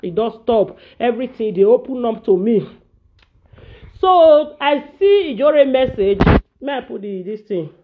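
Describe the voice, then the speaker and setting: A vlogger with a Nigerian Pidgin accent delivers a casual ranting monologue to her viewers, emphatically repeating phrases to drive each point home. Her voice is on the high side with lively intonation and an unhurried pace. The dull lo-fi audio carries a little hiss or hum.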